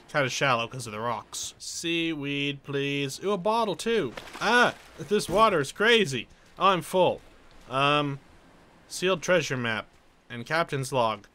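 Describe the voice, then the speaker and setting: Young male gameplay streamer, bright and a bit high in pitch, casual and excitable play-by-play commentary. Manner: excitable, chatty, yelps and laughs at the game.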